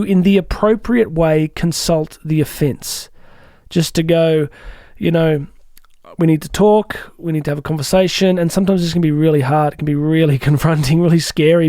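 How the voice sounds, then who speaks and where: A man talks through a motivational podcast in a loose, conversational way. His voice sits a little high but sounds warm and mellow. The sound is dry and close to the mic. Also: no room sound. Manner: casual, animated, self-deprecating asides. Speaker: podcast host.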